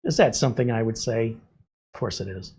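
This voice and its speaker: A man's voice: mid-range voice, lively intonation, a little fast, a little mellow, breathy edge. A man hosting a tech video, casually reading chatbot replies aloud. His asides are amused and full of chuckles, delivered in an easygoing, conversational way.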